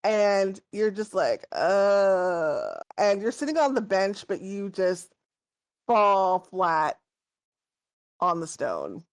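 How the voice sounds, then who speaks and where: A woman's voice: mid-range voice, lively intonation, slow, no echo. A woman narrating a tabletop game as game master, describing scenes in a rambling way full of fillers.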